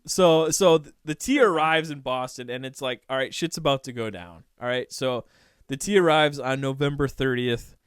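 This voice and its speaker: Smooth-voiced man co-hosting a podcast. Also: medium pitch, normal speed, dry recording, studio quality. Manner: animated, irreverent, swearing. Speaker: podcast co-host. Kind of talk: casual history podcast chat.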